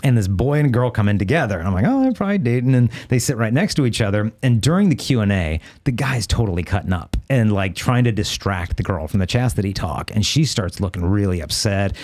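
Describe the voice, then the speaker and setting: A middle-aged man, a guest on a podcast, telling lively anecdotes in a casual way with frequent restarts. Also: lowish voice, a little fast, hardly any pauses. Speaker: guest speaker.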